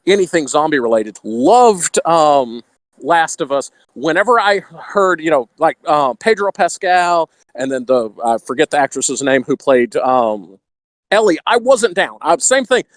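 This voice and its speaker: A man's voice: on the high side, very animated, measured pace, no room sound. Chatty Texan man, dry close sound. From Texas. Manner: chatty, laughs between thoughts, puts on a slight radio voice. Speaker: podcast guest. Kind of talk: casual podcast chat.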